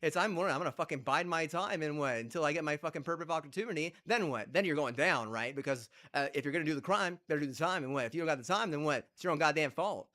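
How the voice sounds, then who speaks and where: Male game streamer, heated profane rant, keeps asking "and what?", slightly high voice. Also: fast talker, hardly any pauses, pushed and bright. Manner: profane, heated rant with repeated rhetorical questions. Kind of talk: ranting chat while gaming.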